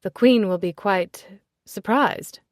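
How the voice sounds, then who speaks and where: Cheery, brisk middle-aged secretary, read by a woman. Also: medium pitch, no echo, clean studio sound, close to an everyday voice. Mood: polite. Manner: bright, polite and brisk.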